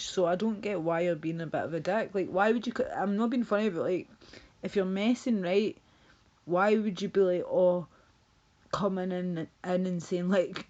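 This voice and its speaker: A woman's voice: on the low side, a little mellow, highs cut off. A woman streaming live, casually chatting with viewers in a blunt, sweary, teasing way.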